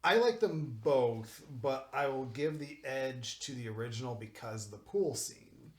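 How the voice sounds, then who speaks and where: A man of mid pitch talking things through at length on a casual podcast, looping with "like" and "it's one of those things". His voice rings a little in an echoey room. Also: expressive, unhurried. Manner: rambling, explains at length with lots of "like". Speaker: podcast co-host. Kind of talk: casual group chat. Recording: roomy echo.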